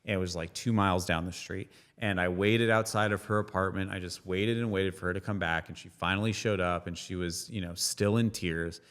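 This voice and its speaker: A man in his thirties with a low voice recounts his past in a candid, self-mocking way, sinking to a quiet mutter at the grim parts. His voice carries a long reverb tail. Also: steady tone, fairly quick, few pauses. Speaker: podcast guest, stand-up comedian. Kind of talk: casual storytelling interview.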